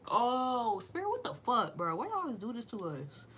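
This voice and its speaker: A woman's voice: fairly high pitch, wildly swooping pitch, normal speed, fairly bright tone, a little hiss or hum. A woman doing a casual tarot reading in slangy, profane speech, with sudden drops into whispers. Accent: Southern US. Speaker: tarot reader.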